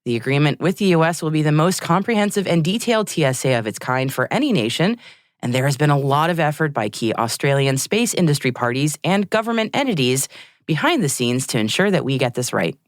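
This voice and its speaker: Lively woman reading space news. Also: sits low, fairly quick, no echo, studio quality. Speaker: podcast co-host.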